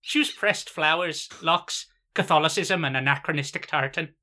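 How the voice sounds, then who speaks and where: A man performs a sweary comic parody monologue, listing lines in a steady, rhythmic cadence. His voice is bright and forceful. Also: fairly high pitch, normal speed.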